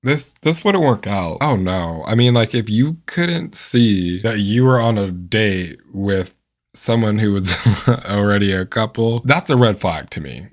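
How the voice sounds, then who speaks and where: A man hosting a comedic reaction video, talking in an animated, incredulous way and firing off rhetorical questions. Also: lowish voice, unhurried. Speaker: host reacting to dating app voice notes.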